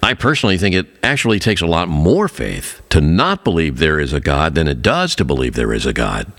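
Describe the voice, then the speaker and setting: A man preaching a sermon, earnest, telling a story and slowing down on key phrases. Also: big pitch swings, fairly bright tone. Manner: earnest, swings pitch widely for emphasis.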